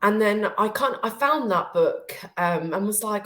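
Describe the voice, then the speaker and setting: A woman's voice: medium pitch, normal speed. A woman speaking as a podcast guest, tearful and hesitant, with many "um" and "you know" fillers. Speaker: guest, business owner. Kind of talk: casual conversation.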